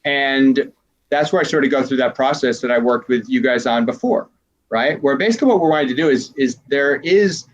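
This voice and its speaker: A man, a transformational coach, talking casually in an interview, rambling and animated as he acts out little quoted exchanges. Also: medium pitch, a little fast, lo-fi sound.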